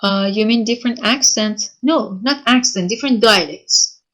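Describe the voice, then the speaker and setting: Woman lecturer from Iraq, mid-pitched, halting online teaching delivery full of self-corrections. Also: a bit bright. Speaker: university lecturer. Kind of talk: online lecture answering written questions.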